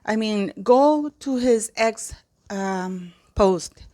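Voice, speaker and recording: Woman vlogger, indignant, emphatic, repeats herself, mid pitch. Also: lively intonation, very slow, mellow. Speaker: commentary vlogger. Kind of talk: impassioned commentary.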